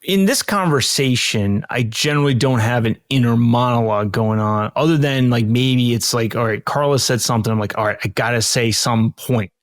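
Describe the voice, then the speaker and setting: A man's voice: medium pitch, normal speed, hardly any pauses, dry recording, clean studio sound. A man co-hosting a podcast in a casual chat, thinking aloud with lots of fillers. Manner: thinking aloud, frequent "you know" and "like". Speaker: podcast co-host.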